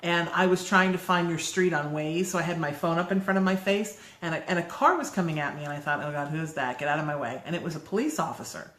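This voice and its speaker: Lower-voiced woman telling a story in an echoey room. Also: fast, few pauses. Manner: animated storyteller, acts out quoted voices. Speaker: radio host, co-host. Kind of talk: casual chat on a livestream. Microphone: phone livestream.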